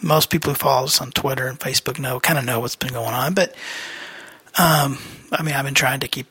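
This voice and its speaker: A man's voice: mid-range voice, steady tone, brisk, sharp tone, breathy edge, dry recording. A man hosting a podcast, giving a casual personal update in a rambling way with many fillers and restarts. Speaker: podcast host.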